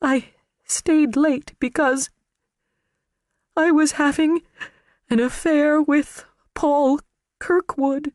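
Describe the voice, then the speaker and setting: A man voicing a frightened, tearful woman witness who speaks in a trembling, hushed voice. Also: extremely high pitch, a little slow, no echo, studio quality, voice pushed up. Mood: breaking down.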